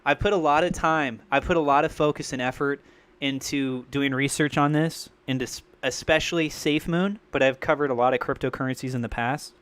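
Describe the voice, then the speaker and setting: A man hosting a crypto livestream, rambling and thinking out loud in an excitable way. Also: mid-range voice, brisk, clear, resonant tone. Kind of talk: live-streamed crypto commentary.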